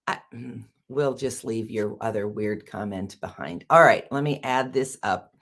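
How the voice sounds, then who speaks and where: A middle-aged woman co-hosting a casual talk show, chatty and self-deprecating, also reading a story aloud. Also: a little slow. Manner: chatty, self-deprecating, animated swings in pitch. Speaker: podcast co-host.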